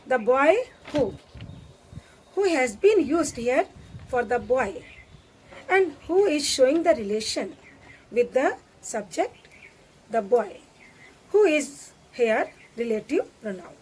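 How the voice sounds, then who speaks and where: A woman teaching grammar in a high, animated voice that swoops up and down. She talks slowly and patiently, saying each example sentence again and again. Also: slightly rough. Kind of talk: classroom grammar lesson.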